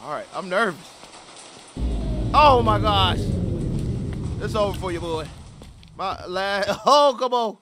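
A man playing a horror game and commentating, excitable and slangy, yelping when startled. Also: high voice, slow pace, long pauses, a little hiss or hum. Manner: casual slangy banter. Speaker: gaming streamer.

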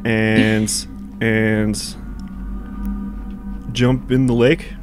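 A man's voice: lowish voice, little pitch movement, drawn-out words, over music. A man joking around and giving backseat directions while his friend plays a video game. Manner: teasing, giggly, backseat directions. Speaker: co-host watching gameplay. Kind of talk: casual gameplay banter.

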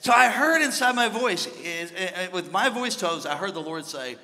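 Pastor, man, sermon delivery; bright, forceful tone, rising to shouts, church reverb. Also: sits high, lively intonation, normal speed, few pauses, slight background noise. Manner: storytelling, builds to shouting. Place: large church hall. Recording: hall reverb from a big church.

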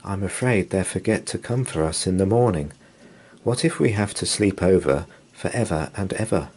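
A man's voice: low voice, animated, normal speed, darkish tone, breathy edge, full character voice. A man reading a storybook aloud and voicing a small, anxious young male dinosaur who frets and pleads. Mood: nervous. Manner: fretful, worried pleading.

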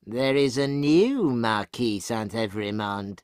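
A man doing a sly, slow-spoken spy. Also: mid-range voice, animated, smooth, no echo, clean studio sound. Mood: prying. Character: sly, probing English spy, adult man.

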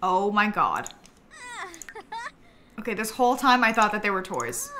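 A woman's voice: medium pitch, big pitch swings, measured pace, bright, forceful tone, slight background noise. A young woman streaming a life-simulation game, chatting casually, giggling and talking to the characters on screen. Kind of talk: casual gameplay commentary.

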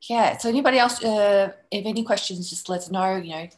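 A woman's voice: mid-range voice, a little fast, rough recording. An Australian woman hosting a live online workshop, effusive and rambling, full of filler phrases, speaking over a video call. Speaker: workshop host.

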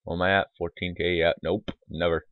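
Low-voiced guy mumbling through a let's play, lots of ums, thin tinny mic, dead dry. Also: level tone, brisk, no echo. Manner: rambling, mumbled asides with many fillers. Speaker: gaming YouTuber. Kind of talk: casual let's-play commentary. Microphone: desktop microphone.

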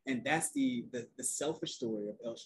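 A soft-spoken young man from North Carolina, talking calmly as a guest in a casual group conversation. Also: mid-range voice, brisk, breathy edge, low-quality recording. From North Carolina, USA. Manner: soft-spoken and relaxed, calls it his quiet storm voice. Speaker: guest, outdoor youth program founder.

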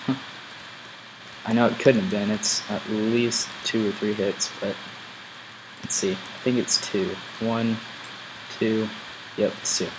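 A man's voice: on the low side, level tone, slow, long pauses, background noise. A man casually commenting while he plays a game, thinking aloud as he goes. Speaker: gameplay video host.

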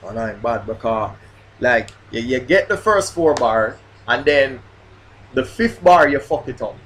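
A man's voice: medium pitch, animated, unhurried, a bit bright, a little hiss or hum. A man, a grime MC ranting in a casual vlog about flubbing his bars, swearing and repeating himself. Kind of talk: casual vlog rant while rehearsing bars.

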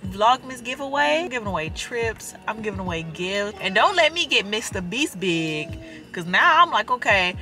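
A young woman and mother of four, vlogging casually from her car and talking straight to her viewers with lively emphasis. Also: medium pitch, normal speed, over music. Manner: animated and emphatic, addresses viewers as y'all. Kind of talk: casual chatty vlog talk.

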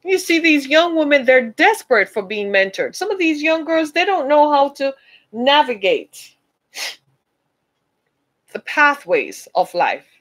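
Emphatic woman, lively speaking voice. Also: sits high, measured pace, poor audio. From United States. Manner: emphatic, preacher-like, calls listeners "y'all". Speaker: speaker addressing listeners. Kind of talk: motivational talk to camera.

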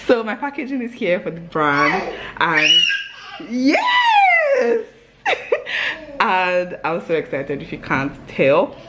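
A woman in her thirties, chatting casually to camera at home in a bubbly, excitable way, laughing often. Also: fairly low pitch, measured pace, heavy background noise. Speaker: vlogger and new business owner. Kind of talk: casual vlog chat to camera.

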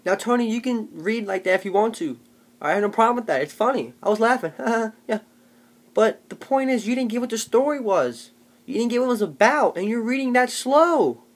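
A man's voice: very high voice, lively intonation, a little fast. A young man telling comic stories in a rambling, jokey vlog, often putting on mock voices. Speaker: vlogger. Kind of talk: comedic storytelling vlog.

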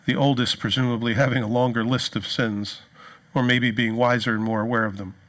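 A man preaching a sermon as pastor, telling stories in an animated way and acting out the people he quotes. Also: medium pitch, a little fast.

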